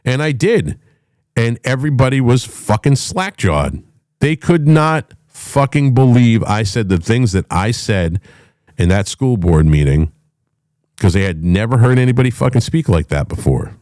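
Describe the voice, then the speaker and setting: A middle-aged man hosting a talk show, ranting with loud, profane, emphatic delivery and a voice that swings up and down. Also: medium pitch, very animated, measured pace, no echo, clean studio sound. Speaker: podcast host.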